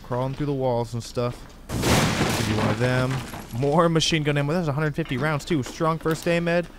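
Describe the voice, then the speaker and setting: A man hosting a gaming channel, giving excitable, slangy commentary as he plays a horror game. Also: a little high, moderate pace, background noise. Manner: excitable, exclamatory, casual slang. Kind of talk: let's play commentary.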